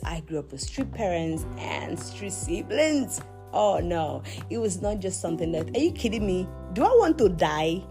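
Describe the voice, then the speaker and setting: A woman, hosting a podcast and telling a confessional story in a chatty way, full of laughing asides where she talks to herself. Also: fairly low pitch. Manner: animated, self-talking, laughing asides. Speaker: podcast host.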